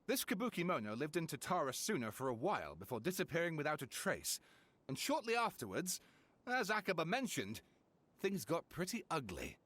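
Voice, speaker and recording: Showy, excitable writer, high voice swooping all over for game dialogue. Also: male voice, brisk, husky, exaggerated voice. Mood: excited. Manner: theatrical, excitable, dramatic build-ups. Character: eager male scholar-writer, theatrical and chatty.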